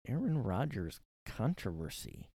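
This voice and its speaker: A man's voice: mid-range voice, big pitch swings, measured pace, vocal fry, warm tone, husky, no echo, clean studio sound. A man hosting a solo podcast from his room, rambling and sarcastic, swearing freely and sniffly from allergies. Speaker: podcast host. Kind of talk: casual solo rant.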